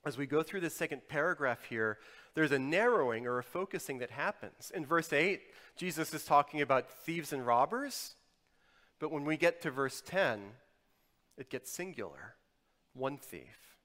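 Man, pastor, sermon, swings between loud emphasis and quiet intimacy, long hall reverb. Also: fairly high pitch, lively intonation, moderate pace.

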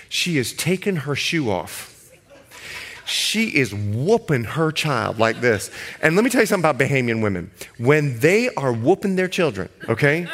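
A middle-aged male pastor preaching a sermon, telling stories with animated, shifting pace and acting out quotes. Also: medium pitch.

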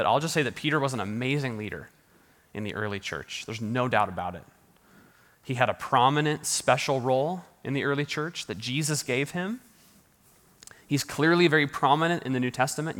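A man preaching a sermon in a church hall, his middle-pitched voice carrying a long reverb off the room. He talks conversationally, restarts phrases often and laughs lightly. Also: a bit bright. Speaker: pastor.

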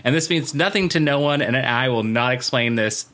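A man co-hosting a casual podcast, running through trivia with a bright, forceful voice. He piles on asides and filler words as he goes, in relaxed, chatty talk. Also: medium pitch, normal speed. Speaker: podcast co-host. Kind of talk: casual chat.

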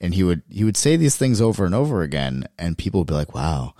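A man hosting a podcast, talking in a relaxed, reflective way with loose, filler-filled phrasing. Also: deep voice, fast, dry recording, studio quality. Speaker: podcast host. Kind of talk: casual conversation.

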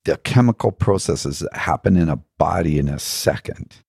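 A man's voice: a bass voice, animated, normal speed, gravelly, darkish tone, slightly rough, dry recording, clean studio sound. A middle-aged man telling his own story on a podcast, earnest and reflective, often laughing and acting out other voices. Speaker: podcast guest.

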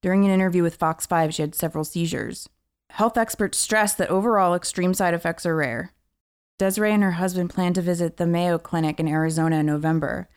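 A woman co-host talks casually in a somewhat low voice. She reads a news item aloud and breaks in with her own quick remarks. Her tone is relaxed and conversational. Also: clean tone. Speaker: podcast co-host. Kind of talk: casual chat.

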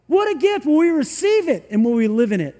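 Male pastor, very high voice, conversational preaching with acted-out asides, long church reverb. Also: sing-song, brisk. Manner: conversational, acts out little voices, shouts of "woo". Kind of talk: sermon. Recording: long reverb from a large room.

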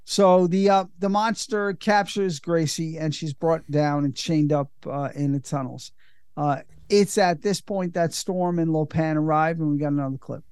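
A podcast host recapping a film in casual, enthusiastic, profane chat. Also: male voice, a little high, steady tone, normal speed, a little mellow, clean tone, dry recording.

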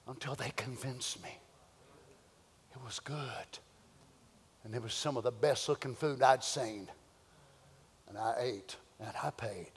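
An older man preaching a sermon, swinging between loud shouting and quiet storytelling. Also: a little high, husky, in a large hall. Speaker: pastor.

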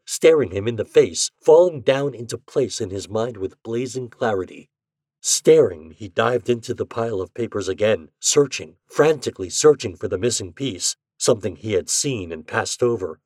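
A man reads a dramatic story aloud in a fairly low voice. His telling is steady and builds intensity. The recording sounds close and dry. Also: dry recording. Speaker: narrator.

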